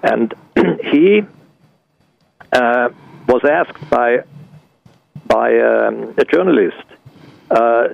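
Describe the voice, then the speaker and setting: An older man from Switzerland answering as a radio guest, halting and full of fillers and restarts, on dull lo-fi radio audio. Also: medium pitch, creaky, dry recording.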